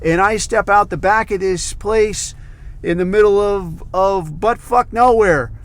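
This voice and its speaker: Profane rambling man, slightly high voice. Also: measured pace. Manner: rambling, heavily profane storytelling; loose, filler-heavy, says "like" and "dude" a lot. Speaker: podcast host. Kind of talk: casual monologue film review.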